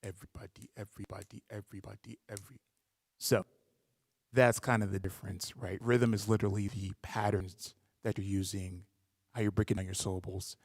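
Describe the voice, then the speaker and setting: A rapper hosting a live stream, casually answering viewer questions and explaining rap technique with many "like" fillers. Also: male voice, flat delivery, a little fast, darkish tone, no room sound, studio quality, in a large hall. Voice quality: gravelly low voice. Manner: loose, conversational, many "like" fillers.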